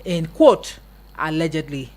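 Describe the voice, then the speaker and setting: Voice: mid-range voice, expressive, measured pace, a little mellow, slight background noise. A radio co-host, chatting and reading out listener messages. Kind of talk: casual radio chat.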